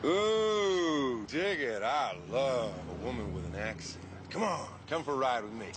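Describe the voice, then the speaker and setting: An actor playing a brash, cocky American biker who mocks people loudly. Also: male voice, mid-range voice, very animated, measured pace, background noise. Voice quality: loud, mocking. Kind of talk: TV drama acting.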